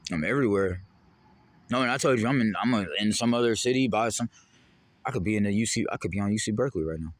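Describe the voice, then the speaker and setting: A man's voice: on the low side, quick pace. A man in a heated, rambling, profane monologue to the camera. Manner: heated, rambling, profane, jumping between topics. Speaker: vlogger.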